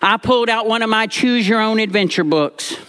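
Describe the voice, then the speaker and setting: A man telling a personal story to a live audience in an animated, expressive way. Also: high voice, brisk, smooth.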